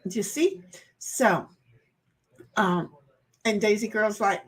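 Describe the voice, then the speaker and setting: Slow-talking woman streamer, rambling. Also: medium pitch, expressive. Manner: rambling, self-deprecating, playfully confused. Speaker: livestream host chatting with viewers. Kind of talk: casual chat reading out viewer comments.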